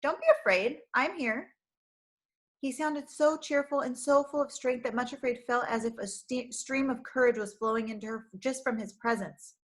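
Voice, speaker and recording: A woman reading a storybook aloud for young children, narrating clearly and expressively. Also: fairly high pitch, fairly even intonation, normal speed, few pauses.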